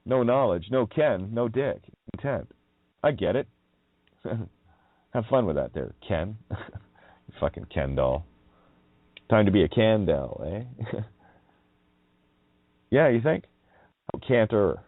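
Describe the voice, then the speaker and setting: A man with a low voice that swoops up and down, delivering a profane, mocking monologue. He chuckles and drags words out in sing-song wordplay. His voice comes through dry and tinny, as if over a phone line. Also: very animated, slow pace, long pauses, no echo. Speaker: radio show host.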